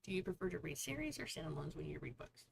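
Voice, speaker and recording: A woman's voice: low voice, very animated, fast talker, vocal fry, background noise. A woman hosting a casual author livestream, chatty and telling jokes to viewers. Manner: chatty, joke-telling, reads viewer comments aloud.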